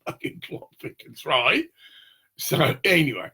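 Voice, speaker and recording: Man, gravelly and husky, rambling and swearing in a pitch-swinging monologue. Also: very animated, slow, bright, forceful tone. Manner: rambling, profane, acts out little scenes.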